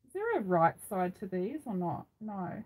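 A woman's voice: medium pitch, sing-song, moderate pace, darkish tone, slightly rough, low-quality recording. A middle-aged Australian woman hosting a craft live stream, chatting casually and rambling with frequent ums, recorded on a phone. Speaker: craft channel host.

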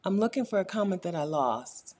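A woman hosting a casual live stream, reading chat comments aloud, animated and laughing often, repeating her points for emphasis. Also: on the low side, brisk, a little hiss or hum. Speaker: YouTube host answering live chat.

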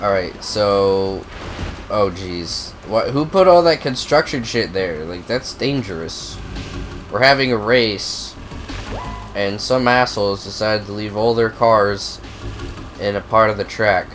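A young man with a cold who coughs now and then, giving profane, excitable, rambling commentary on a racing game. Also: lowish voice, slow pace, faint music behind. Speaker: gaming video host. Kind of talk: casual gameplay commentary.

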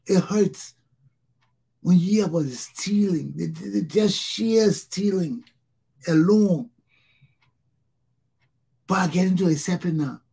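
Gravelly, very husky Liberian man. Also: high-pitched, slow, pauses often, dark tone. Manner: emphatic, repeats phrases for stress. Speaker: talk show host. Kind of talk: impassioned solo monologue.

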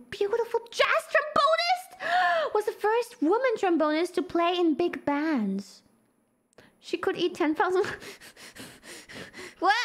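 Lively, high-pitched excitable woman streamer. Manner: excitable, gasping, reads card text aloud with playful reactions. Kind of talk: game stream commentary.

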